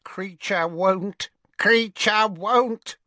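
A man voicing a stubborn, spiteful male house elf with a croaking, shrill voice, repeating one word over and over. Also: drawn-out words, bright, forceful tone, no room sound, full character voice. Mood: furious refusal. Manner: screams the same word over and over.

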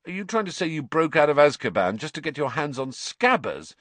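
A man's voice: a little high, big pitch swings, a little fast, fairly bright tone, dry recording, pitched above the performer's own voice. Man doing a nervous, protesting teenage boy. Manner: weak, protesting.

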